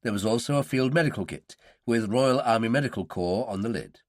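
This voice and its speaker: Male thriller narrator, mid pitch, expressive, dry close recording. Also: brisk, dry recording. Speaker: audiobook narrator. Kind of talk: scripted narration.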